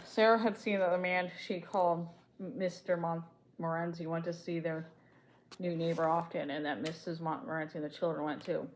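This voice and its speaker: Woman reading a storybook aloud, lowish voice. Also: steady tone, normal speed, rough recording. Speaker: audiobook reader.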